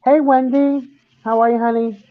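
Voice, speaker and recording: A man's voice: very high voice, flat delivery, moderate pace. A man co-hosting a casual livestream, teasing the others, laughing often and greeting chat viewers. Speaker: livestream co-host. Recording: dull lo-fi sound.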